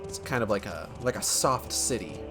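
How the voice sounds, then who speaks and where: A man chatting loosely while streaming a game, his voice jumping around in pitch with animated emphasis. He rambles with plenty of fillers. Soft game music hums in the background. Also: normal speed. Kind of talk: casual game commentary.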